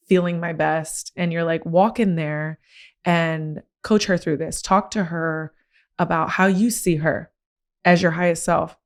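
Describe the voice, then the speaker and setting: Woman podcast host, lower-pitched voice, candid and slangy, gets animated telling stories. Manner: animated, rising pitch when excited; casual, slangy. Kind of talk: candid conversational storytelling.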